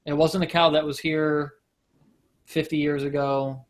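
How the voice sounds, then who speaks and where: A man co-hosting a casual talk show, rambling and joking, his voice often trailing off quietly. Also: a little high, flat delivery, measured pace. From United States. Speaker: podcast co-host. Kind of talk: casual chat.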